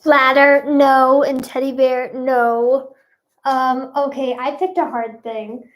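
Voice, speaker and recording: Talking to her live-stream audience, a young woman speaks in a bright, high voice at a slow pace and with a flat delivery. Her chat is casual and bubbly, wandering from point to point with giggles along the way.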